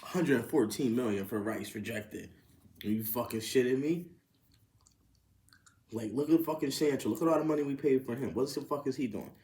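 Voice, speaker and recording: Profane excitable man ranting. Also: medium pitch, moderate pace. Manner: profane, excitable, rising to incredulous outbursts. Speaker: podcast host. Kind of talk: casual sports rant. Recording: roomy echo.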